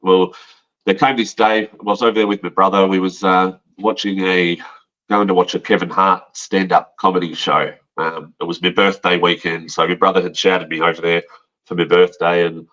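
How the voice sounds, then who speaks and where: A man's voice: deep voice, flat delivery, moderate pace, fairly bright tone, highs cut off. An Australian man telling his own story on a podcast in a frank, rambling way, swearing and calling the listener mate. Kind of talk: casual storytelling.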